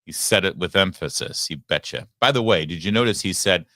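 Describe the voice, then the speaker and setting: A man's voice: deep voice, lively intonation, fairly quick, sharp tone, no room sound, clean studio sound. A man hosting a live political commentary show, talking emphatically with sarcastic asides. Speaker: host.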